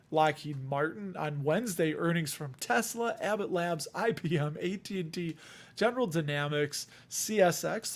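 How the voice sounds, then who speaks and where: A man hosting a casual livestream, chatty and self-deprecating as he reads out lists. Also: fairly high pitch. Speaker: livestream host.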